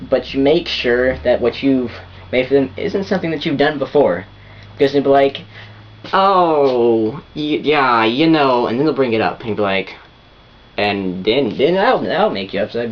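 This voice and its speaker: A man's voice: medium pitch, dull audio, a little hiss or hum. A man giving relationship advice in a rambling, repetitive casual monologue full of restarts.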